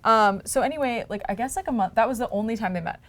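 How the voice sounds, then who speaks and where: A woman's voice: on the high side, fast, fairly bright tone. A woman hosting a podcast, recounting celebrity stories in a chatty, gossipy way. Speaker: podcast host. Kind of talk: casual chat.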